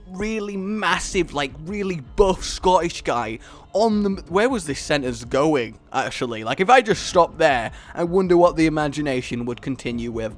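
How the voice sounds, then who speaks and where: A man hosting a gaming channel, giving excitable, rambling gameplay commentary full of giggles. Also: a little high.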